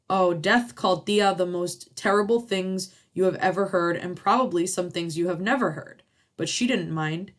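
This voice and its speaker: A woman reads a folk tale aloud in an expressive storytelling voice. She slips Spanish phrases into the telling. Her voice sits somewhat low.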